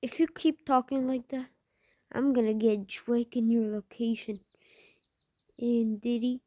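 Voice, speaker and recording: A woman's voice: on the high side, fairly even intonation, unhurried, mellow, no echo. A woman giving casual gameplay commentary, swearing a lot and often dropping into muttered whispers. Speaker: gamer.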